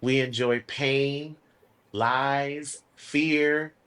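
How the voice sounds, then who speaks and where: A man of middle pitch talks as a podcast guest in a relaxed, unscripted way. He gets animated when he tells a story, drops the odd curse, and leans into earnest life lessons. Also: very slow, clear, resonant tone. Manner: animated storyteller, swears freely; earnest, preachy about life. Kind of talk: casual conversation.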